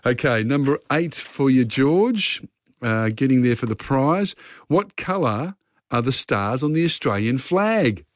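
A man's voice: mid-range voice, lively intonation, unhurried, no room sound, clean studio sound. A man hosting a radio phone-in quiz, chatting casually and talking contestants through the questions.

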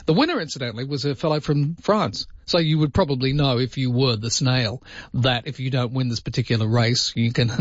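A man hosting a radio show in casual chat, musing aloud with quick jumps up in pitch on his asides. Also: husky, no room sound, highs cut off. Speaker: radio host.

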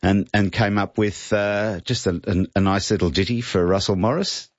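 Deep-voiced Australian radio guest. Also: male voice, fairly even intonation, moderate pace, dry recording, highs cut off. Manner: brief agreeing interjections. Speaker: studio guest. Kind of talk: talkback radio chat.

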